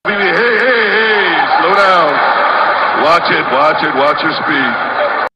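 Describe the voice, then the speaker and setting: A man with a slightly high voice calls out urgent warnings, drawing the words out slowly. Loud vehicle noise sits under him in the clip.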